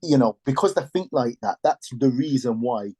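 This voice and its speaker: A man co-hosting a casual sports podcast, speaking in a halting way with many restarts. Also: mid-range voice, animated, dark tone, dry recording. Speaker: podcast co-host. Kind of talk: casual chat.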